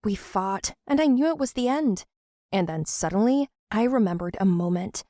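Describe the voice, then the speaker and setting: A woman narrating a first-person animated story in an earnest, emotional way. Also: medium pitch, normal speed, no echo, clean studio sound.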